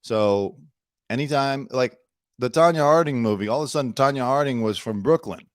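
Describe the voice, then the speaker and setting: A man's voice: mid-range voice, normal speed, no echo, clean studio sound. Opinionated man hosting a news show. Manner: opinionated, chatty, sarcastic asides. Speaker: host. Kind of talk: casual news commentary.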